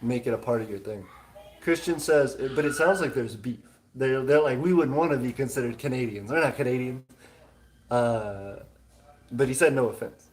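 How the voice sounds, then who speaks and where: A man's voice: medium pitch, moderate pace, darkish tone, rough recording. Guy hosting a stream, rambly w lots of uhs, ordinary mid voice. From Texas. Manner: rambling, many "uh" fillers, reads viewer comments aloud. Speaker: host of a micronation livestream. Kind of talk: casual livestream chat reading comments.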